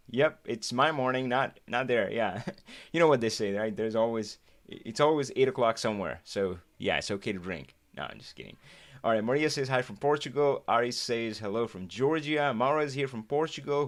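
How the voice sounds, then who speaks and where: A man's voice: mid-range voice, a bit bright. A man hosting a casual live stream, chatting and greeting viewers by name. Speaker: host. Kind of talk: casual livestream chat.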